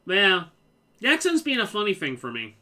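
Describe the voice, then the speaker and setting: A streamer from the Liverpool area gives loose, rambling let's-play commentary, swearing freely and talking through opinions between moves. The voice is bright and forward and sits at an ordinary pitch. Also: huge pitch swings, moderate pace.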